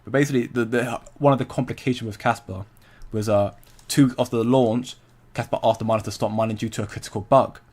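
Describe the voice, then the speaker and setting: A young man hosts a relaxed livestream, talking at an ordinary, mid-range pitch. He rambles in a loose, conversational way, breaks off to greet viewers and answer their comments, and laughs easily. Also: fast talker. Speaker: crypto livestream host. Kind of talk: casual livestream chat.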